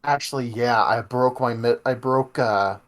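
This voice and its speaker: Young man, slight Texan accent, casual podcast chat, rambling, self-interrupting, mid-pitched voice. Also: a little slow, a bit bright. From Texas. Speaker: podcast co-host.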